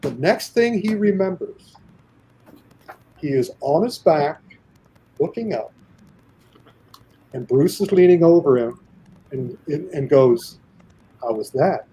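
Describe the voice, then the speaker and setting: Husky, animated male storyteller. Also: a little high, slow pace, long pauses, low-quality recording. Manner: animated storyteller, acts out quoted voices. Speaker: guest storyteller. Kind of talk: casual podcast anecdote.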